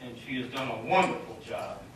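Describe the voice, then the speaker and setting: A man leading a formal installation ceremony, speaking in a measured, ceremonial way as the outgoing president. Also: medium pitch, fairly bright tone. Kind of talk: formal ceremony speech, reading an oath and charge. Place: large banquet hall, indoors. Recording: very echoey hall, from far off, with background noise.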